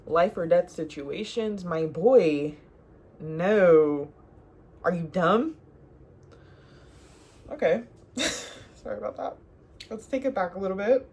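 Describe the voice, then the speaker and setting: A young woman giving relationship advice in a sassy, animated, casual monologue to the viewer, often laughing. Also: mid-range voice, slight background noise. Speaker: advice vlogger.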